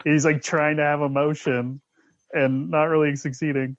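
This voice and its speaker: A man's voice: fairly high pitch, little pitch movement, normal speed, slight background noise. A man co-hosting a movie podcast, chatting easily and chuckling along in a casual film recap. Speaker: podcast co-host. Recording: slightly dull, lo-fi dry sound.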